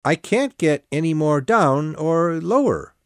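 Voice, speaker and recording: A woman's voice: deep voice, animated, slow pace, darkish tone, dry recording, studio quality, full character voice. A woman reading an audiobook voices a flustered, timid man on trial who pleads nervously. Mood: pleading.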